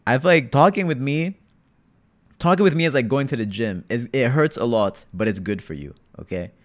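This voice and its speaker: A man's voice: mid-range voice, animated, normal speed. A man streaming live and chatting casually with his viewers, talking in a laid-back, rambling way and often addressing the chat directly.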